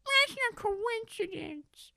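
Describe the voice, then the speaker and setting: A man voicing an indignant male house cat in a shrill, squeaky voice with curt replies. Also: expressive, vocal fry, sharp tone, no echo, studio quality, heavily acted. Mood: defensive. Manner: shrill and curt, with drawn-out meows.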